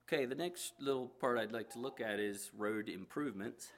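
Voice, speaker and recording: A man's voice: mid-range voice, normal speed. A man reading a parable and then giving a folksy, plain-spoken sermon with casual fillers.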